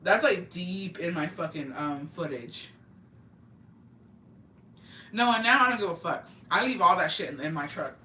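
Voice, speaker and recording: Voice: mid-range voice, measured pace, long pauses, far from the mic, a little hiss or hum. A young adult, chatting casually on a podcast and telling stories with lots of swearing, slang and Spanish words. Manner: profane, animated storytelling with slang and Spanish words. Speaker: podcast co-host. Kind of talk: casual chat. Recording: roomy, off-mic with faint ambience.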